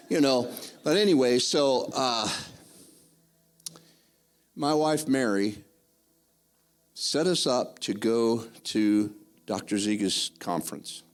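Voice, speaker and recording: An older man giving a spoken testimony in church, rambling and excitable, with many restarts. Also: medium pitch.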